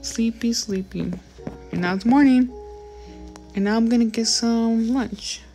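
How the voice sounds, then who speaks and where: A woman's voice: on the high side, fairly even intonation, measured pace, warm tone, faint music behind. A young female gaming host giving rambling, casual commentary on her gameplay and talking straight to her viewers. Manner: chatty, rambling, addresses viewers as guys.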